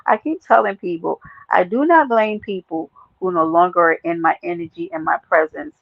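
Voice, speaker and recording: A woman with a Brooklyn New York accent hosting a casual livestream chat, brash, profane and animated, laughing often. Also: lowish voice, normal speed, no room sound, narrow, tinny audio. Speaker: livestream host.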